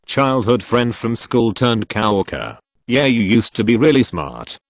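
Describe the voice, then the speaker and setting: A man narrating online posts aloud, reading the text literally and even spelling out links and web slang. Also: mid-range voice, unhurried, dry recording, studio quality.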